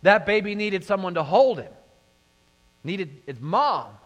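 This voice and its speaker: A middle-aged man preaching a sermon to a congregation, telling stories and asking the listeners questions. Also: high-pitched. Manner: storytelling, animated, addresses the congregation with questions. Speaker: pastor. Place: church sanctuary. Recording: long hall reverb.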